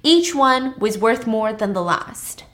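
A young woman recaps a film in a chatty, animated way, dropping slang as she goes. Her voice sits slightly high, and she delivers the story with casual energy. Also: takes it slowly. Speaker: host.

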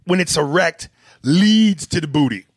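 A man's voice: a little high, expressive, a little slow, dry recording. A man co-hosting a comedy podcast, reading a listener's email aloud and joking crudely between lines. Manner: crude, joking, slips into voices. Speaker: podcast co-host.

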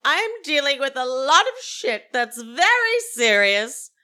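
A woman mimicking an indignant, tearful middle-aged woman hosting a dinner, in a shrill, haughty, dramatic voice. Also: sing-song, quick pace, bright, forceful tone, heavily acted.

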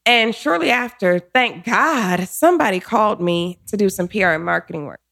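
A woman in her forties, a guest telling her career story in an interview, animated and quick to act out what people said. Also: mid-range voice, gravelly. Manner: animated, acts out quotes, laughs often.

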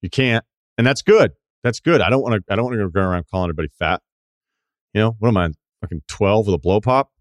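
A man's voice: lowish voice, expressive, fast, dry recording. A man hosting a podcast, ranting in a casual, sardonic and profane way. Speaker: podcast host.

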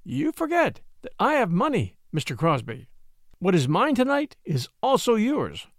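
A man reading an audiobook, voicing a spirited, excitable young woman who gushes and teases sweetly. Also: high voice, normal speed, dry recording, clean studio sound, pitched above the performer's own voice, heavily acted. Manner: breathless, gushing, sweetly teasing.

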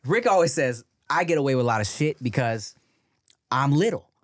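A man co-hosting a podcast, reacting to a story and chiming in with quick comments in casual chat. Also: medium pitch, expressive. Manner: responsive listener, short reactions and quick comments. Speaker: podcast co-host. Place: podcast studio.

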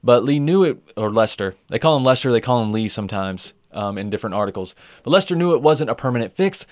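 A man hosts a true crime podcast in a loose, casual way, full of fillers and the odd swear word. His voice sits at an ordinary middle pitch. The recording is dry and close, with no room sound. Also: expressive, fast talker, dry recording. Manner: conversational, with frequent fillers and swearing. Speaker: podcast host.

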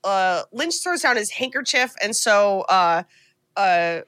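Bright-voiced woman podcaster, swears, laughs, dry close mic. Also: medium pitch, slow, smooth, no room sound. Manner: animated, swears and laughs while retelling scenes. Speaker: podcast host. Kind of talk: casual movie recap chat.

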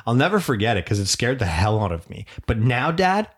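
A man's voice: mid-range voice, big pitch swings, fairly quick, slightly rough. A man co-hosting a podcast, telling a family story in casual chat, laughing often and swearing freely. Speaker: podcast co-host.

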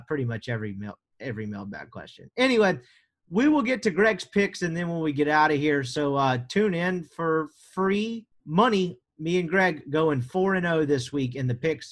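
American guy joking around on his sports podcast, kinda high voice, rambling and sarcastic. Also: a bit bright. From United States. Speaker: podcast host. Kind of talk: casual podcast chat.

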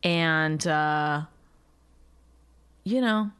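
A woman on a casual comedy podcast, teasing her partner and giggling at her own jokes. She talks in halting runs full of restarts and fillers, then bursts into loud mocking impressions. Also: sits low, smooth. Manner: teasing, giggly, with sudden loud mock voices. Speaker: podcast co-host.

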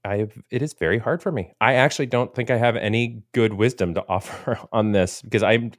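A man's voice: lowish voice, a little fast, no room sound, studio quality. A man in his thirties co-hosting a podcast in casual chat, rambling and self-deprecating. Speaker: podcast co-host.

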